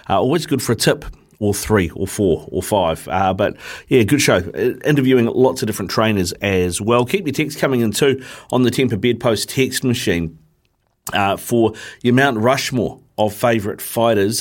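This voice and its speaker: A man's voice: mid-range voice, moderate pace. A man with a New Zealand accent filling in as host on a sports radio show, chatting casually and reading out listener texts.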